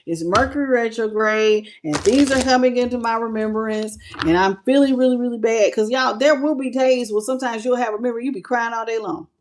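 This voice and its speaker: A woman's voice: a little high, a little fast, hardly any pauses. Woman, spiritual channel host; earnest, loose conversational delivery. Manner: earnest and intimate, with loose casual phrasing. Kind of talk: casual livestream talk to viewers.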